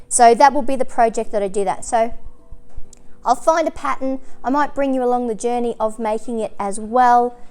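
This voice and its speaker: A woman's voice: on the high side, moderate pace, darkish tone, clean tone. A woman hosting a crochet and knitting channel, chatting casually to camera in a rambling way, with frequent ums and self-corrections.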